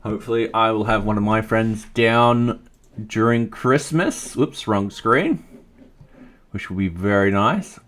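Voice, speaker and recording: A man's voice: on the low side, measured pace, fairly bright tone, a little hiss or hum. A man with an Australian accent, thinking aloud in casual chat while coding on a live stream and reading out chat messages. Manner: thinks aloud, chatty and self-deprecating, reads chat.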